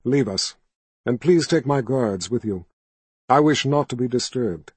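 A quiet, silky male tyrant who speaks low and coaxingly, feigning kindness, as a male audiobook narrator puts him on. The voice is husky and slow, close and dry. It is gentle on the surface and sinister underneath. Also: expressive, dry recording. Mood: coaxing, soothing. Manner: soft, coaxing and indulgent. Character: smooth, soft-spoken male tyrant posing as kind.

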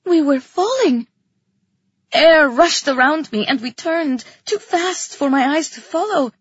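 A woman with a breathy voice reading a first-person story as an audiobook narrator, tense and vivid, in a dull lo-fi recording. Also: high voice, lively intonation, a little slow, no room sound.

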